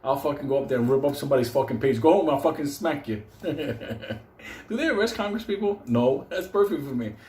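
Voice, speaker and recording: A man's voice: mid-range voice, expressive, a little fast, warm tone. A man rambling in a casual rant, swearing constantly and breaking into laughter as he jokes. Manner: profane, laughs often, loose and joking. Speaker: host. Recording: roomy echo, faint background noise.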